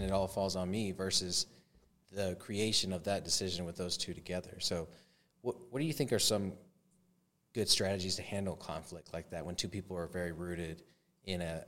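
A male podcast host with a very low voice, talking in a loose, chatty way and often checking in with "you know what I mean". His voice carries a noticeable reverberant tail from the room around him. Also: steady tone, a little fast, fairly bright tone. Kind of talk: casual interview chat.

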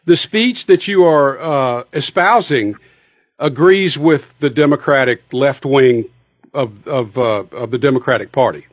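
A man's voice: medium pitch, measured pace, no room sound, clean studio sound. A man hosting a radio talk show, chatting casually and eagerly asking his guest questions.

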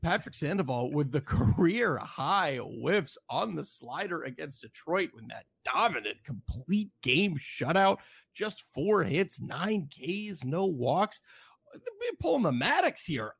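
A man hosting a casual podcast, lively and animated, acting out both sides of imagined conversations. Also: on the high side, takes it slowly, gravelly, breathy edge. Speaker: podcast host. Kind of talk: casual podcast chat about pitching stats.

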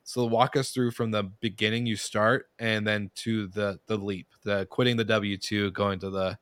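A man's voice: on the low side, flat delivery, normal speed, fairly bright tone, clean tone, dry recording. A man hosting a podcast, asking a rambling question with several restarts. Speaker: podcast host. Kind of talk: casual interview questions.

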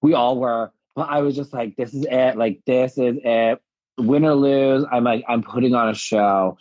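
A young adult man, a drag performer guest, telling his story with lively acted-out quotes and frequent laughs over a live video call. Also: mid-range voice, moderate pace, no room sound. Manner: animated storytelling, acts out quotes, laughs often. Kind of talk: casual interview chat. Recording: dull lo-fi live-stream audio.

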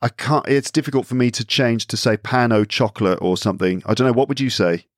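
A man's voice: medium pitch, fast, dry recording, clean studio sound. An English man chatting casually as a podcast guest, talkative, often correcting himself mid-sentence and laughing easily. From England. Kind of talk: casual chat.

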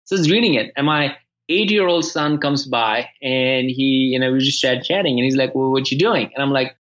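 A man talking through his experiences as an author in a casual conversation, stopping and repeating words as he goes and growing animated in his stories. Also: mid-range voice, lo-fi sound. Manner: halting, repeats words when restarting, animated when telling stories. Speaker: podcast guest and author.

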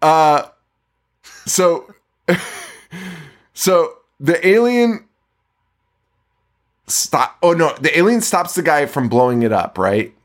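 A man's voice: fairly high pitch, lively intonation, extremely slow, long pauses. A man co-hosting a podcast, chatting casually about a film in a rambling, profane way that is full of laughter. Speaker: podcast co-host. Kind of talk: casual movie-review chat.

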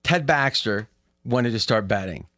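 A man hosting a sports betting podcast, telling stories with lots of laughter and quick restarts. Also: lowish voice. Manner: animated storyteller, laughs often. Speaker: podcast host. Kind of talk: casual sports betting chat.

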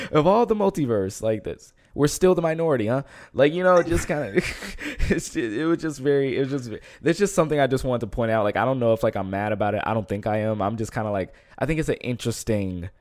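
A man co-hosting a casual chat, animated, laughing often and trailing off into fillers. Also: mid-range voice, quick pace, no echo, clean studio sound. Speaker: co-host.

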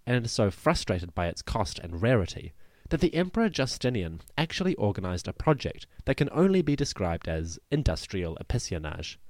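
Lively, low-voiced male history narrator. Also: no echo, clean studio sound. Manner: lively storytelling with wry asides. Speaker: history podcast host.

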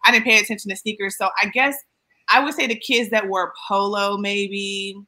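A woman in her thirties co-hosting a podcast, chatting casually and animatedly with quick asides and playful mock voices. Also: mid-range voice, steady tone, bright, forceful tone. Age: 30s. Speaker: podcast co-host. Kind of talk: casual chat.

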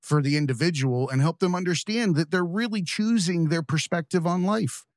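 A man's voice: fairly high pitch, normal speed, no room sound, studio quality. Reflective male podcast host. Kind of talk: podcast interview.

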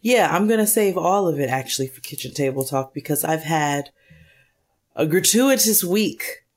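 A woman's voice: sits low, animated, brisk. Upbeat woman podcast co-host. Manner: upbeat, laughs, reads listener messages aloud. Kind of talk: casual podcast chat.

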